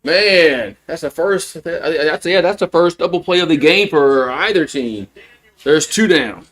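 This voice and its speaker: A man calling a softball game play by play on a live stream from home, in a casual, chatty way. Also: fairly high pitch, a little slow. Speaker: play-by-play commentator. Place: at home with a barking dog.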